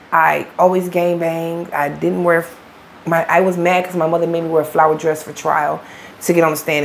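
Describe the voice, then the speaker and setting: A woman's voice: fairly low pitch, creaky. A middle-aged woman with a Chicago accent, an interview guest telling her story in blunt, profane street talk. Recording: faint background noise.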